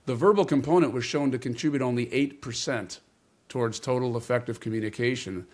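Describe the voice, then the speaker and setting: Man, interview guest, measured, emphatic, mid-pitched voice. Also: darkish tone. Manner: measured, explanatory, emphasizes key words. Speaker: guest, communication coach. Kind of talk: interview conversation.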